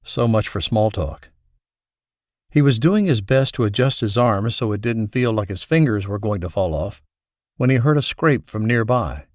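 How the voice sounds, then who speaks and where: A man reading an audiobook as scripted narration, in a steady, even storytelling manner. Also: on the low side, normal speed, no echo, clean studio sound.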